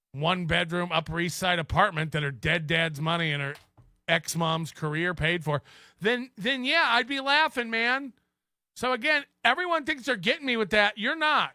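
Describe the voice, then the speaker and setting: A man with a high, sharp, ringing voice, delivering a ranting commentary as a podcast host. He mocks and jeers in a sarcastic tone, breaking into laughter at his own lines. The sound is dry and close, with no room around it. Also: no room sound.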